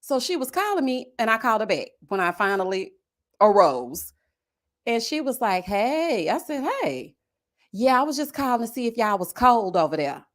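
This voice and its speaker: A woman's voice: a little high, a little fast. A woman in her thirties with a Southern US accent, hosting a casual livestream, chatting and reading viewer comments. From American South. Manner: chatty and animated, slangy, talks straight to viewers. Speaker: live-stream host. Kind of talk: casual live-stream chat reading comments.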